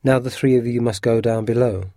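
A man voicing a vengeful, brooding submarine captain in a storybook reading, speaking coldly and quietly at times and shouting in rage at others. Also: medium pitch, steady tone, a little fast, no echo, clean studio sound, lightly acted. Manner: cold and quiet, bursting into furious shouting.

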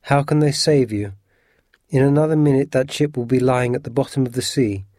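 A man voicing a vengeful, brooding submarine captain in a storybook reading, speaking coldly and quietly at times and shouting in rage at others. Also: mid-range voice, brisk, no room sound, clean studio sound, natural voice. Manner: cold and quiet, bursting into furious shouting.

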